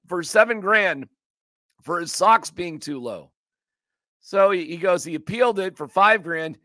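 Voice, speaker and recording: A man hosting a sports podcast, ranting casually in an animated, emphatic, joking way. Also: high voice, dry recording, clean studio sound.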